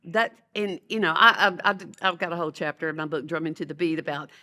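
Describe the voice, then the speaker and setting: A woman's voice: deep voice, fast talker, pushed and bright. A woman educator, telling stories animatedly in a podcast interview and acting out the voices of the people she quotes. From Louisiana, USA. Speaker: educator and author, guest. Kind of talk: conversational storytelling.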